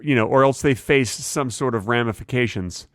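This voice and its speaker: Male comedy podcast co-host, deadpan and confidently wrong, medium pitch, dry close mic. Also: normal speed, no echo. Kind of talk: improvised comedic banter.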